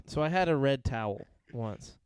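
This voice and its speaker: A man's voice: mid-range voice, expressive, normal speed, darkish tone, clear, resonant tone, dry recording. A man co-hosting a podcast, telling stories in a crude, profane, rambling way. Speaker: podcast co-host. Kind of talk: casual podcast chat.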